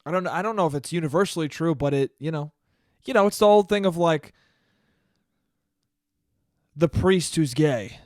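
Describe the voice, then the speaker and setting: A man's voice: a little high, moderate pace, long pauses, no echo, studio quality. Young man ranting profanely into a podcast mic. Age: young adult. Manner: profane, animated storytelling. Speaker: podcast host. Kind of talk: casual solo podcast monologue.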